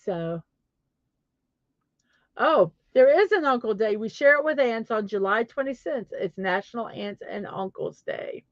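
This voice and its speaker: A woman's voice: on the high side, expressive, a little slow, no room sound, lo-fi sound. A middle-aged woman with a Southern accent hosting a casual daily show, laughing at herself and apologizing as she stumbles. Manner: giggly, self-deprecating, stumbles and apologizes. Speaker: host of a daily positivity show. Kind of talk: casual solo chat.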